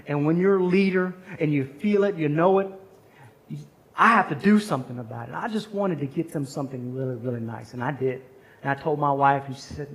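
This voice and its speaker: A man's voice: on the high side, quick pace. Earnest man telling a story in chapel. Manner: conversational, earnest anecdotes. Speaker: chapel speaker. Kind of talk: storytelling sermon.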